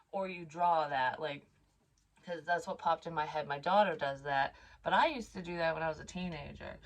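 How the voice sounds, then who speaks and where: A woman in her thirties or forties doing a casual psychic card reading, thinking aloud and rambling with many fillers. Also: lowish voice. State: tearful at times.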